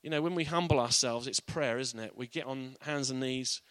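A man's voice: medium pitch, moderate pace, a bit bright, clean tone, no echo. A man giving an informal, earnest Bible teaching in a conversational way.

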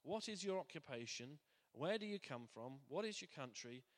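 A man's voice: on the high side, animated, normal speed, natural voice. A man reading scripture aloud and voicing frightened sailors who plead urgently in a storm. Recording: long hall reverb.

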